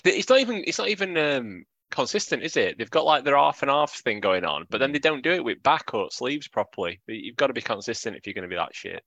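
A man joking and chatting about football on a casual podcast, quick to poke fun at himself. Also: mid-range voice, very animated, a bit bright, no room sound. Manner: jokey, self-deprecating, laughs.

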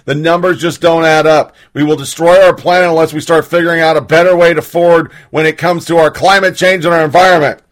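A man hosting a show launches into a casual political rant, heated and sarcastic, with plenty of swearing. His voice sits a little high for a man. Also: steady tone, quick pace, hardly any pauses. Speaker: host.

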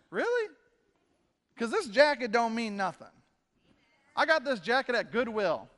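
A man preaching as a pastor in a church, casual and joking, slipping into quick quoted asides. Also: extremely high pitch, very animated, bright, forceful tone, long reverb tail. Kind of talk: casual sermon. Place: church sanctuary.

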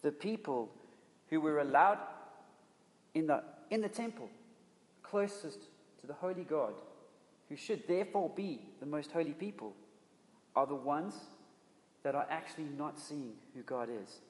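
A man's voice: fairly high pitch, lively intonation, measured pace, pauses often. A man preaching a sermon in an emphatic, conversational way, often restarting his phrases. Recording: long reverb of a hall.

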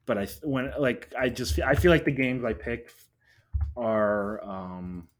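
A man hosting a casual chat, running a bracket of matchups and speaking haltingly with many fillers. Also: medium pitch. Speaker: podcast host running a game bracket.

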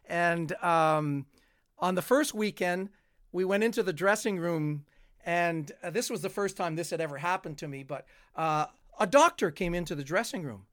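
A man's voice: high voice, moderate pace, fairly bright tone, no room sound, clean studio sound. Older man, rambling storyteller. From Canada. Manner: rambling, chuckling, full of fillers. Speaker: guest. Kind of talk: storytelling in a conversation.

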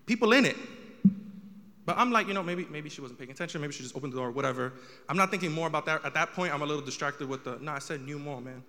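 A man's voice: a little high, animated, fast talker, sharp tone, big-room sound. A young man doing a stand-up comedy set, telling a story with rising exasperation.

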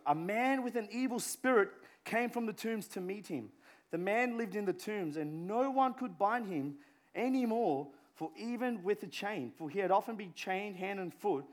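A pastor preaching a sermon in a conversational way, full of fillers and restarts, dropping to a hush and rising to a shout. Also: male voice, a little high. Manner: conversational, many filler words and restarts, swings from hushed to shouting.

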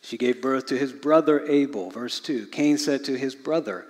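A middle-aged man preaching a sermon as pastor, earnest, often sinking to a hushed low voice at the ends of phrases. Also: moderate pace. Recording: long reverb of a large hall.

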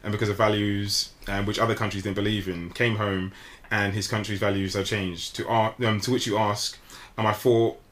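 Bright-voiced man. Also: on the low side, little pitch movement, moderate pace. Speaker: book club member. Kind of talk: casual podcast chat.

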